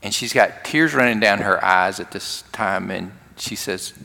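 Retelling a story from the pulpit, this pastor voices each character's lines himself. He speaks at a moderate pace in a fairly low, creaky voice that sounds pushed and bright, all wrapped in long hall reverb.

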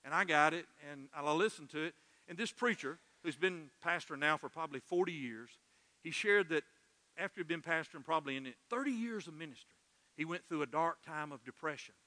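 A middle-aged male pastor preaching a sermon in a church, earnest and emotional, dropping soft and then swelling loud. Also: on the high side, fairly quick, big-room sound. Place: church sanctuary.

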